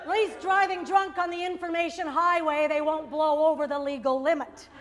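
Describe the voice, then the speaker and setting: A woman's voice: high-pitched, steady tone, normal speed, a bit bright, slight background noise. A middle-aged woman doing a stand-up comedy routine, wry and self-mocking, with sudden exasperated bursts.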